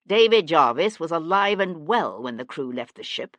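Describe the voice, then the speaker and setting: A woman reads a sharp nobleman detective in a storybook mystery, low and dry in tone. He presses with cool, needling questions. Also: very animated, moderate pace, no echo. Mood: probing.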